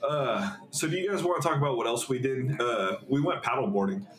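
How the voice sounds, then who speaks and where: A man's voice: mid-range voice, a little fast. Swearing young man in an echoey room. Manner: swears a lot, laughs often. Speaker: podcast host. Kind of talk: casual chat. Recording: echoey room with faint noise.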